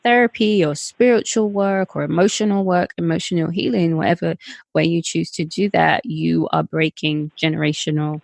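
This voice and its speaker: A woman's voice: deep voice, fairly even intonation, normal speed, vocal fry, darkish tone, no room sound. A woman hosting a podcast interview, speaking in an affirming, encouraging way. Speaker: podcast host. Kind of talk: conversational interview.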